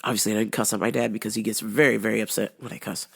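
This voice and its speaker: A woman from the United States, hosting a podcast and telling a comic story in a casual, profane and animated way. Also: very deep voice, rapid-fire, vocal fry, slightly rough. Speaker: podcast host.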